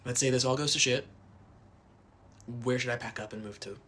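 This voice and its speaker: A man asks an earnest question in a casual vlog, hesitant and pausing. His pitch sits in the middle range. Faint noise is heard behind him. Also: steady tone, fairly bright tone.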